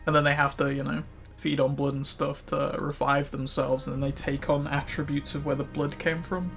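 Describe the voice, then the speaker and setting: A man's voice: a little high, level tone, normal speed, creaky, a bit bright. Chatty man over faint music. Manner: rambling, many fillers like "like". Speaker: streamer. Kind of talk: casual chat while gaming.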